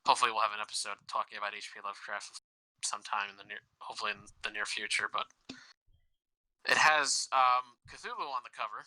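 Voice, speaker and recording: A man with a very bright, forceful voice talks in casual podcast chat. He swears freely and laughs as he tells work stories. The recording is close and dry. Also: lowish voice, quick pace, no room sound, rough recording. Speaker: podcast host.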